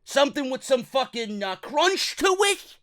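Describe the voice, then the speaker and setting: A man's voice: extremely high pitch, very animated, measured pace, fairly bright tone, faint music behind, pitched above the performer's own voice, exaggerated voice. A man imitating a pushy, demanding family man who curses and insists.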